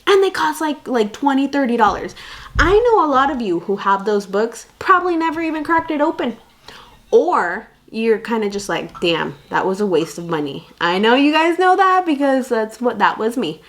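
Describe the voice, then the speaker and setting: A woman's voice: sits high, very animated, normal speed. A young woman vlogging candid parenting advice in a casual, chatty way, full of fillers and asides. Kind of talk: casual chat to camera.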